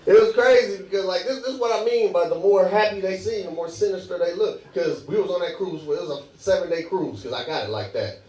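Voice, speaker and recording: High-voiced stand-up comic in an echoey club. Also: male voice, fast, hardly any pauses, darkish tone. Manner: loose, chatty, laughing at his own jokes. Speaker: stand-up comedian. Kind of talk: stand-up comedy set. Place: comedy club stage. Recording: echoey club, mic at a distance, crowd.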